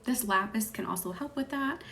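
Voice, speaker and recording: A woman from the American South with a light Southern accent, hosting a live Reiki stream. She chats with viewers and thanks them by name, and often drops into a soft whisper. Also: medium pitch, lively intonation, moderate pace, creaky, a little hiss or hum. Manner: chatty, laughs easily, thanks viewers by name. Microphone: phone or webcam on a live stream.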